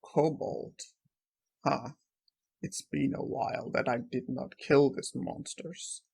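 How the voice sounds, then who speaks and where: Cold dismissive young necromancer, read by a man, gravelly and slow. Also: mid-range voice, a little mellow, exaggerated voice. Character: cold, arrogant young male necromancer warrior.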